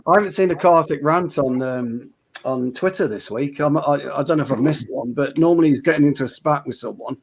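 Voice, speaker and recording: Husky man who laughs easily. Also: on the high side, a little fast. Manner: laughing, gently mocking. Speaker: podcast panelist. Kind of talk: casual football chat.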